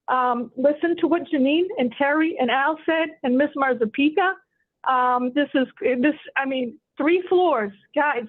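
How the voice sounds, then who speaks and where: A woman resident giving emotional, insistent public comment at a city meeting, repeating herself as she goes. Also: sits high. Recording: tinny phone line.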